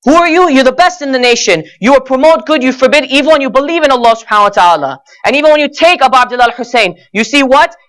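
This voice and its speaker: Speaking at a Muharram gathering, this young man talks fast with almost no pauses, his very high-pitched voice animated and slightly bright. His sermon is sincere and straightforward, full of "you know" as he narrates, and he calls his listeners brothers and sisters.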